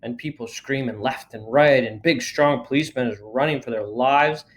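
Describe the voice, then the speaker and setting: A man reading a children's book aloud in a lively storytelling manner. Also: medium pitch, moderate pace. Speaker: reader.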